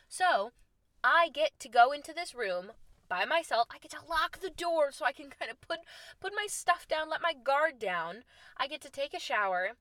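A young woman telling a travel story in a casual, lively way, acting out the lines she quotes. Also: normal speed, no room sound. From United States. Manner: animated, acts out quoted lines with big pitch jumps. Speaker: storyteller host.

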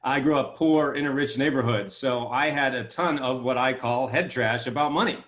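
In a lively storytelling interview, a man who is an author and keynote speaker recounts tales with enthusiasm at normal speed. His somewhat bright voice lifts in pitch when he performs quotes, and the audio sounds roomy.

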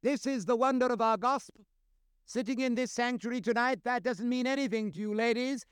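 Male preacher, high clear voice, impassioned sermon delivery with repetition. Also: a little fast, dry recording, studio quality. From grew up outside his audience's country. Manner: impassioned preaching with strong rises and falls; repeats phrases for emphasis. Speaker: pastor. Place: church sanctuary.

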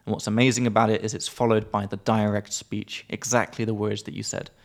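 A man's voice: fairly low pitch, little pitch movement, fairly quick, creaky. Giggly young man explaining words. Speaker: podcast co-host, English teacher. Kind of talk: casual chat explaining vocabulary.

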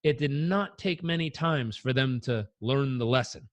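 A man on a podcast telling personal stories in an animated way, acting out the voices in them. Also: medium pitch, normal speed, no echo. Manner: animated, acts out quotes. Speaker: guest. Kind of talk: conversational storytelling.

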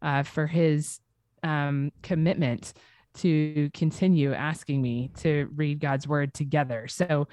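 A woman's voice: low voice, steady tone, slow pace, a little mellow. A woman in her thirties, a guest author, talking in an earnest, encouraging way with many fillers. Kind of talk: casual interview chat.

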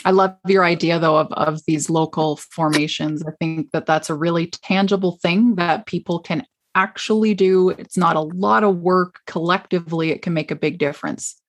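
An interview host with a gravelly, fry-heavy voice. They speak in an agreeable, affirming way, backing up the guest with short responses and brief comments. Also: medium pitch, fairly even intonation, normal speed, few pauses. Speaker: podcast host. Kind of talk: interview conversation.

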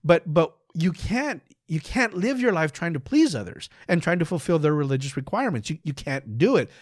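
A man's voice: on the high side, very animated, moderate pace, no echo, clean studio sound. A man hosting a devotional podcast, talking earnestly and emphatically, often repeating words as he gathers his thoughts. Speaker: podcast host. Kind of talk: conversational devotional podcast teaching.

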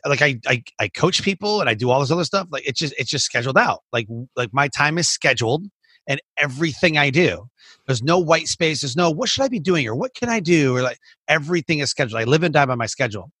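A man who runs a podcast talks in a loose, rambling flow, stringing thoughts together with "like" and restarts. His voice is bright, somewhat high and husky. The recording is dry and close. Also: animated, quick pace, no room sound. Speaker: podcast host and coach. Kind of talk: casual interview chat.

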